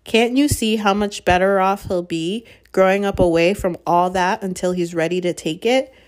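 A woman's voice: mid-range voice, fairly even intonation, moderate pace, natural voice. A woman reading aloud, voicing a wise old male wizard who speaks heavily, firmly and seriously. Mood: grave. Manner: heavy, firm, serious.

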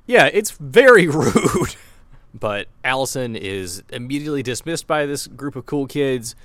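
A man co-hosting a podcast, a little drunk, recapping a TV episode in an animated way and laughing mid-sentence. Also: mid-range voice, a little slow, no room sound. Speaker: podcast co-host.

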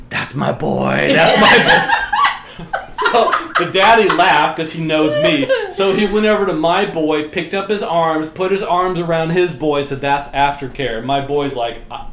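A man with a somewhat high voice tells crude stories on a podcast, blunt and profane, often breaking into laughter. The room is echoey, and steady noise runs underneath. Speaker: podcast guest. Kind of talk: casual storytelling.

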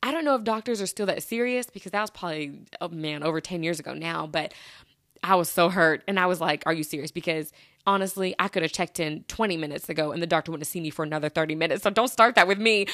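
A woman's voice: lowish voice, fairly bright tone, no echo, clean studio sound. A woman in her thirties hosting a podcast and telling a personal story in a chatty, casual way, with lots of fillers and restarts. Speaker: podcast host.

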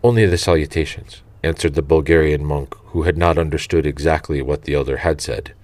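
Deep-voiced man reading reverently. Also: darkish tone, no room sound. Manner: slow, reverent and measured. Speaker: audiobook reader. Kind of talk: reading a saint's life aloud.

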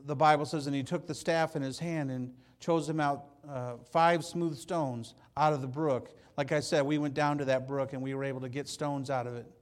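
A man preaching a sermon, telling the story with animated, acted-out scenes that swing from loud to hushed. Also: mid-range voice, normal speed, hardly any pauses.

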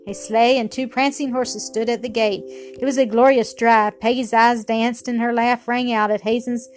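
A woman reading a storybook aloud, gentle and expressive, softening her voice for the characters. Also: fairly high pitch. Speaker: narrator. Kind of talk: storybook narration.

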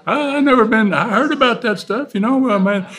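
Anecdote bit: man doing an incredulous, yelling hitchhiker, pitch pushed high. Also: a little fast. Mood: bewildered. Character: hitchhiker man, baffled then outraged.

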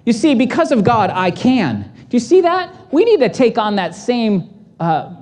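A woman pastor delivering a sermon, animated and acting out the voices in the story. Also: on the high side, moderate pace.

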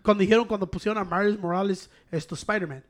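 A man in casual banter, animated and profane, slipping between English and Spanish. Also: sits high, racing.

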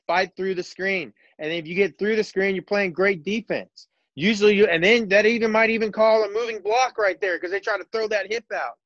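Profane, animated sports-talk man. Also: sits high, brisk, few pauses, no room sound, highs cut off. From Texas. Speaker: podcast co-host. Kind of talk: casual sports chat.

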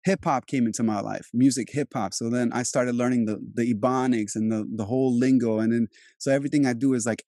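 A man's voice: mid-range voice, fairly even intonation, fairly quick, few pauses, mellow, no echo, studio quality. A man raised in Europe, an actor, talking in a loose, rambling casual conversation with many restarts. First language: Turkish. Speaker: actor and host.

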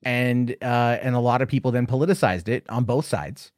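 An American man in his thirties talks through a casual online debate, circling his point with fillers and restarts. His pitch sits mid-range, and the sound is dry and close. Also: moderate pace, a little mellow, dry recording. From United States. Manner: rambling, hesitant, self-correcting.

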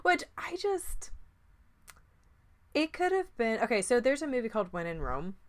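A woman's voice: fairly high pitch, big pitch swings, moderate pace. A woman in casual chat about a movie, chatty and loose, with lots of fillers and restarts.

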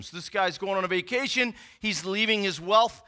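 A man's voice: high voice, moderate pace, few pauses, bright, forceful tone. A man preaching a sermon in a conversational, emphatic teaching style, often checking in with tag questions. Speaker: pastor.

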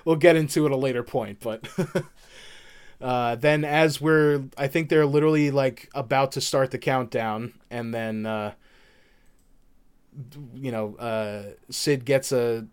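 Recapping a game in a casual podcast chat, this co-host speaks in a mid-range voice that's steady, clear and resonant. He rambles through the story with many fillers, quickly voicing the characters' lines.

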